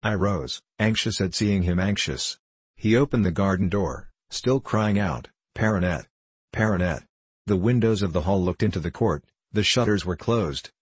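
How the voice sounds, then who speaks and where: A man reading an audiobook as a young male prisoner recounting his boyhood, in a measured, even storytelling manner. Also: deep voice, breathy edge, dry recording.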